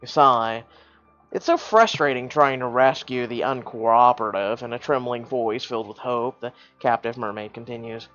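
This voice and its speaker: A streamer reads a choice-driven story game aloud, dropping into dry, sarcastic side comments along the way. The recording is dull and lo-fi. Soft game music plays underneath. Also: mid-range voice, normal speed. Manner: wry, sarcastic asides and laughter.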